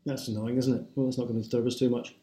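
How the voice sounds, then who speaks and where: Scottish male vlogger, mid-pitched, rambling casual chat, echoey home room. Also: level tone, racing, dark tone. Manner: rambling, many fillers and restarts. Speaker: wine and film vlogger. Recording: roomy echo.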